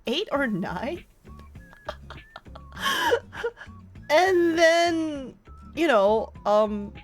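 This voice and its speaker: A woman streamer chats casually, her fairly high voice swinging widely as she tells a story with lots of laughter. Faint music plays softly underneath. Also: drawn-out words, long pauses. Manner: animated storytelling, laughs often. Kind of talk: casual chat.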